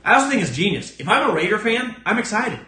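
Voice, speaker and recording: A man's voice: sing-song, quick pace, bright, forceful tone, echoey room. A man hosting a sports podcast alone, giving blunt, profane, emphatic opinions. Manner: acts out other people's lines in a lower voice. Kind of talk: solo opinion rant.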